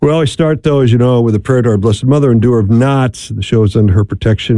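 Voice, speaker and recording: Mellow-voiced folksy male radio host. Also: mid-range voice, fast, hardly any pauses, soft background music. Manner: chatty, folksy, laughs easily. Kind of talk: casual call-in radio talk.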